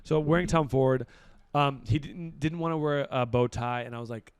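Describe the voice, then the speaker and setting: A man's voice: medium pitch, normal speed, smooth, no room sound. Laid-back man rambling in a dry room. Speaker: podcast co-host and celebrity stylist. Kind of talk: casual chat.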